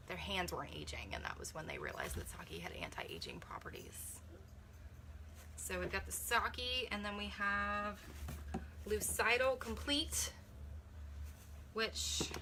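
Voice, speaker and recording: A woman's voice: mid-range voice, sharp tone, a little hiss or hum. A young woman, a mother, chatting casually through a beauty kit unboxing, thinking aloud and correcting herself as she reads viewer comments.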